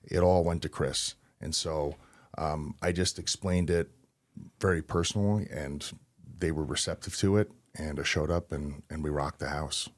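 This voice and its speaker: A man in his thirties, a wrestler and interview guest, telling stories in a relaxed, anecdotal way with laughs between lines. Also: a bass voice, moderate pace. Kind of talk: casual interview storytelling.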